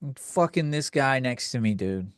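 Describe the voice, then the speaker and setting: A man's voice: medium pitch, animated, moderate pace, clear, resonant tone, dry recording. Profane ranting man, dry close mic. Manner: crude, profane, rambling with many restarts. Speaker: podcast host. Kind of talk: comedic rant.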